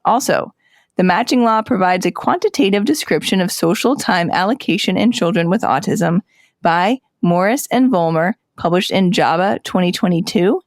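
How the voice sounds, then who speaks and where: A woman's voice: lowish voice, moderate pace, no room sound, studio quality. Playful woman co-hosting a podcast. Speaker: podcast co-host. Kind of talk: casual podcast chat.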